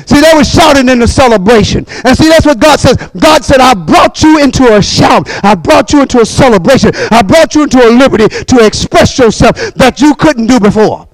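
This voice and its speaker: A man preaching a sermon with call-and-response, bursts of shouting and quick repeated words. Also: extremely high pitch, animated, dry recording, rough recording.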